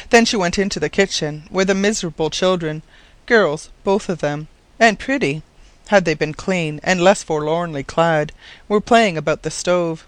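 Brief: calm, measured story narrator with a middle voice and a dry, close sound. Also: medium pitch, dry recording. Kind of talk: audiobook narration.

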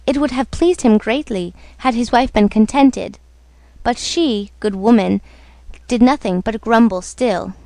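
Woman, storybook narration, measured, radio reading, dry close sound. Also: a little high, mellow, dry recording. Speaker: story reader.

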